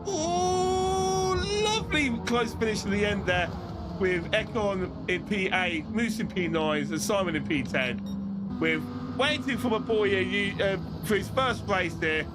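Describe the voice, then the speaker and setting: A high-voiced man calls an online race on his live stream, yelling through the close finishes before easing into rambling, breathless chat with his viewers. Loud music plays under him throughout. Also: measured pace. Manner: excitable, shouting during close finishes, then rambling and chatty. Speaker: streamer commentating online races.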